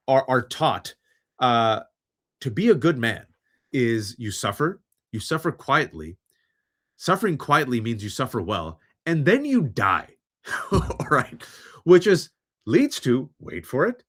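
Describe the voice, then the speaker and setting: A man in his forties hosting a livestream and talking about men and mental health, animated and often mimicking other people's voices. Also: medium pitch, measured pace. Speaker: host. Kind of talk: livestream commentary.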